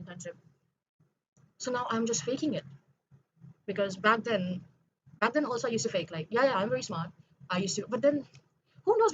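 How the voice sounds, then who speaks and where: Brief: young woman, quick rambling confessional vlog delivery, self-correcting, dull lo-fi home recording with faint noise. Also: mid-range voice. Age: young adult. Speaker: vlogger. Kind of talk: late-night confessional monologue.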